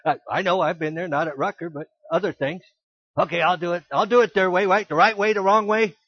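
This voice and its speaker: A man preaching a sermon as pastor, emphatic, with rhetorical questions and sudden loud exclamations. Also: high voice, steady tone, fairly quick, highs cut off.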